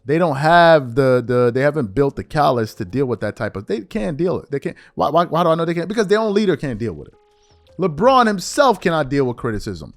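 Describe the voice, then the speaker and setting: A man hosting a podcast, giving a mocking commentary monologue that swings between hushed asides and loud outbursts. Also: fairly high pitch, big pitch swings, fairly quick, faint music behind. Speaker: podcast host.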